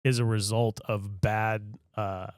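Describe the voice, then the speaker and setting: A man's voice: fairly low pitch, little pitch movement, slow, clean tone, no echo. A man co-hosting a comedy podcast, rambling through long casual stories. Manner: rambling, tells stories in long run-on sentences. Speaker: podcast co-host. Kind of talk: casual chat.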